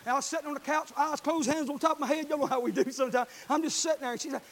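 A man preaching a sermon in church, telling folksy stories with fervent bursts of shouting. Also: extremely high pitch, fairly even intonation, very fast.

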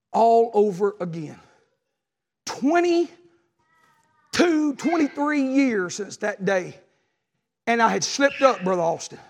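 A man, preaching an impassioned sermon and telling a personal story, shouting at the peaks. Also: sits high, big pitch swings, slow, creaky, pauses often.

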